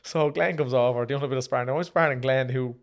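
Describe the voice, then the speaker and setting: Fast-talking gravelly Irish man. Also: medium pitch. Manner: brisk anecdotal telling, re-enacting his own exchanges, swears casually. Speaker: former pro boxer and promoter, guest. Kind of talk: casual storytelling interview.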